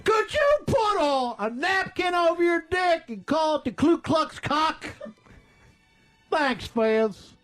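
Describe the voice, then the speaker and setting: A lewd, lovesick southern redneck, as a radio host puts him on, crooning crude come-ons in a put-on Southern drawl. The voice sits high and swings wildly up and down, with faint music underneath. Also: male voice, very animated, slow, a bit bright, exaggerated voice. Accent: put-on American Southern. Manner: crude, goofy, sing-song wooing. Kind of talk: comedy radio bit.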